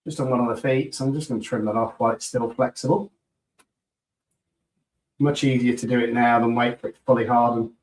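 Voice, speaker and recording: A man with a British accent chatting enthusiastically on a live stream while demolding resin pieces, a little croaky after hours of talking. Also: medium pitch, steady tone, brisk, pauses often, a little mellow. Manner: chatty and enthusiastic, greeting viewers.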